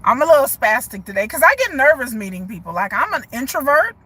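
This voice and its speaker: A woman talks to her phone at arm's length from inside a parked car, animated and full of asides to her viewers. Her voice sits a little high and sounds bright and forward. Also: quick pace, slightly rough, dry recording. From Texas. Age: 40s. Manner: chatty, animated, often laughs and says y'all. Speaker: vlogger. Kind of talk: casual live-stream chat. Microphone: phone held at arm's length.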